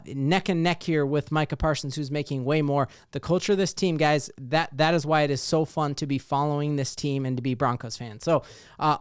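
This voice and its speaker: Male sports talk host, fairly high voice, smooth and clear, dry close mic, rambling and hyped. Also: no echo. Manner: excited, rambling with many fillers. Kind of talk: casual sports commentary.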